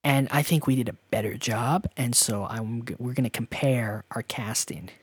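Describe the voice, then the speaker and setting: A low-voiced woman chatting casually as a podcast co-host, rambling and quick to react. Her voice sits close and dry, with no room around it. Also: husky, no echo. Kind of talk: casual chat.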